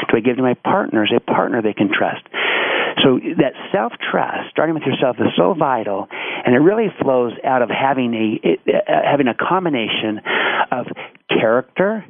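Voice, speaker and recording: A man's voice: mid-range voice, expressive, moderate pace, no echo. A man, a guest author, telling a story in an interview with an earnest manner and many restarts. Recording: tinny phone-line sound.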